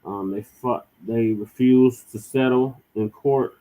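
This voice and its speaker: A man hosting a podcast in casual chat, unhurried and repeating himself as he goes. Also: mid-range voice, steady tone, mellow. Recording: slightly dull, muffled sound.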